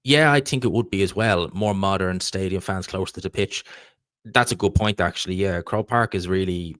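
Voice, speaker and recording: A man's voice: sits low, moderate pace, fairly bright tone, dry recording, studio quality. An Irish man hosting a live stream, chatting casually and rambling through answers to viewer questions. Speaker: livestream host reading viewer chat.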